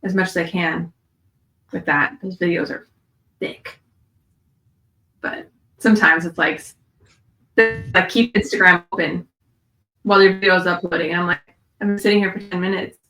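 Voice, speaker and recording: A woman's voice: lowish voice, steady tone, moderate pace, long pauses, bright, forceful tone, roomy sound, rough recording. A woman co-hosting a podcast in casual chat, chatty and trailing off with lots of fillers. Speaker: podcast co-host.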